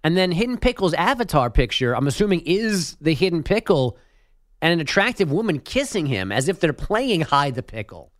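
Animated, joking male radio host. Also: fairly high pitch, moderate pace, no room sound, clean studio sound. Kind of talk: casual on-air banter.

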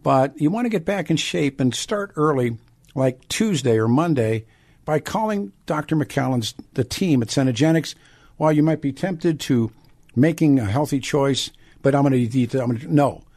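A man's voice: medium pitch, lively intonation, normal speed, a little mellow. An older man hosting a talk radio show, reading ads and ranting bluntly with rhetorical questions. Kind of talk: talk radio monologue and ad read.

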